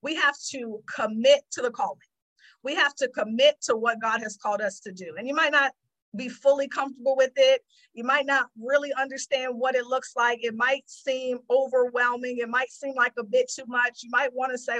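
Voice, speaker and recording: A woman's voice: a little high, a little fast, a bit bright, low-quality recording. A woman hosting a faith-based motivational podcast, talking earnestly like a preacher and acting out her prayers to God. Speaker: podcast host.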